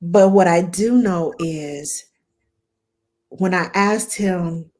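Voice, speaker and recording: A woman with a Southern US accent hosting a podcast, telling stories in a folksy, animated way. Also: on the low side, very slow. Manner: animated storytelling with acted quotes; folksy, self-deprecating. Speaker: podcast host. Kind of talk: casual conversational interview.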